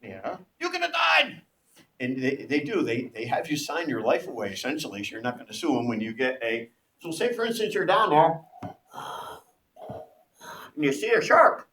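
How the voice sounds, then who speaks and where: Animated male teacher in an echoey classroom. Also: medium pitch, normal speed. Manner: animated storytelling, acts out voices. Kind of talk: classroom lecture with anecdotes. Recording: echoey room with faint background noise.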